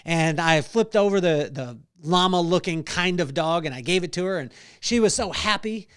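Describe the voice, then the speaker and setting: A middle-aged man hosting a devotional podcast, telling a personal story with animated delivery and acted-out voices. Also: high-pitched, normal speed, smooth. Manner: animated, acts out voices in stories. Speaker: podcast host.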